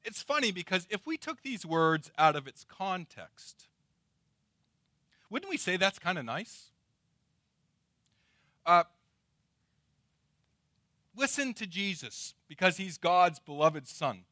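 A middle-aged man preaching a sermon, dramatic and swinging between loud emphasis and hushed, drawn-out words. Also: high voice, very animated, no echo, studio quality. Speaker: pastor.

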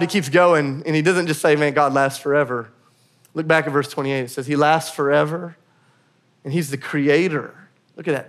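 A man in his thirties with a high voice preaches a sermon. He talks loosely and conversationally, tossing in quick asides and poking fun at himself. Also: fairly bright tone. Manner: conversational, self-deprecating humor, quick asides. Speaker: pastor.

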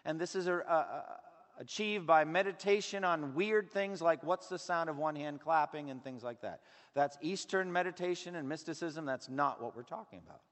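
Male pastor, slightly high voice, emphatic sermon delivery, heard in a reverberant sanctuary. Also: normal speed. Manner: earnest, emphatic preaching with a wide range of loudness. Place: church sanctuary. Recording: long hall reverb.

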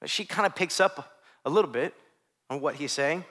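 A man preaching a sermon in a conversational way, with self-deprecating asides, often dropping to soft hushed phrases. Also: a little high, normal speed. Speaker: pastor.

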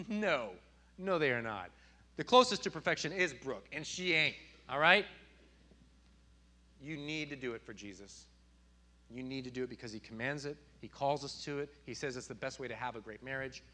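Bright-voiced male pastor preaching. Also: mid-range voice. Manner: animated, acts out stories with loud outbursts. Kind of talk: sermon.

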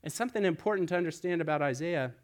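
A man delivers a sermon in an earnest, explanatory way. His voice sits a little higher than most men's, and his loudness swells and drops as he drives his points home. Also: rapid-fire. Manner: earnest, explanatory preaching with lively swings in loudness. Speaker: pastor.

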